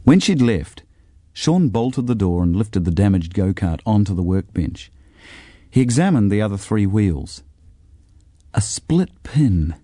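Husky expressive storybook narrator. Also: male voice, on the low side, normal speed, no echo, studio quality. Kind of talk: storybook reading.

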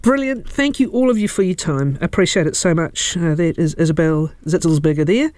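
A woman's voice: on the low side, darkish tone, dry recording. Brief: playful New radio host, woman, dry studio sound. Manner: chatty, playful, quick to laugh. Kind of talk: live radio interview. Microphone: studio microphone.

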